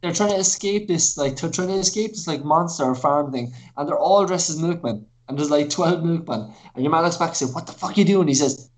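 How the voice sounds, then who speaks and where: A man's voice: a little high, a little fast, hardly any pauses, low-quality recording. Rambling sweary man, podcast co-host. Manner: rambling, sweary storytelling, laughs at his own tales. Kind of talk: casual film review chat.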